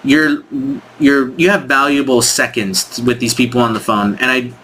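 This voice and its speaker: A man's voice: mid-range voice, steady tone, normal speed, pushed and bright, a little hiss or hum. A man coaching on sales in a casual screen-share walkthrough, thinking aloud with frequent restarts and frank critique. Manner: frank, critiques scripts directly.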